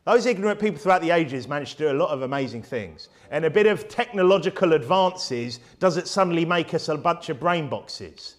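A man's voice: a little high, animated, fairly quick, few pauses. A man preaching a sermon in a church, emphatic and fiery, firing off rhetorical questions.

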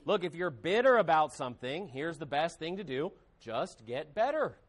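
A man's voice: on the high side, lively intonation, brisk. A man preaching a sermon with emphasis, acting out quoted voices. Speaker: pastor.

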